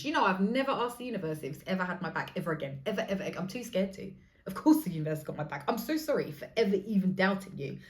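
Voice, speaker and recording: A woman in her thirties, a podcast host telling a story in a casual monologue, animated and quick to laugh, swearing freely. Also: fairly low pitch.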